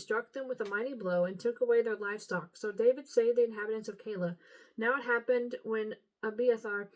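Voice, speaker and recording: A woman's voice: fairly high pitch, darkish tone, poor audio. A woman reading scripture aloud in a casual, unpolished way, tripping over hard names. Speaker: Bible reader.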